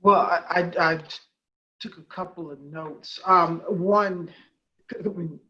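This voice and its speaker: A woman's voice: lowish voice, slow, pushed and bright. A woman hosting a conversational interview, talking in a rambling way with many fillers and restarts. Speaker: host, nonprofit head. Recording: dull, lo-fi sound.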